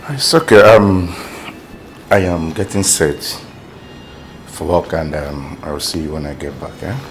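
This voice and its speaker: A man playing a soft-spoken husband who pleads and tries to calm his wife, in a film scene with faint music under it. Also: rumbling low, unhurried, a little hiss or hum. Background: background music.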